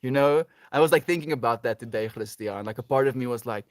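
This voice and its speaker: A man's voice: medium pitch, quick pace. A sleep-deprived man rambling affectionately on a livestream, reading chat aloud and laughing often.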